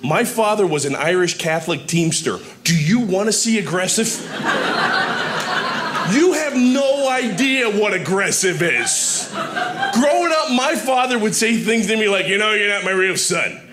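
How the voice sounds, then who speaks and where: A man performing a stand-up set, telling stories deadpan with punchlines, recorded live. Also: high voice, unhurried. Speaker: stand-up comedian. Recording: live club with ambient noise.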